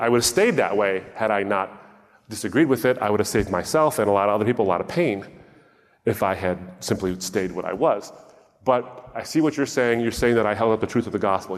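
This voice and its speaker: A man's voice: fairly low pitch, long reverb tail. A man giving a talk in a sermon style, telling a story with wry humor and acted-out dialogue. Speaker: speaker.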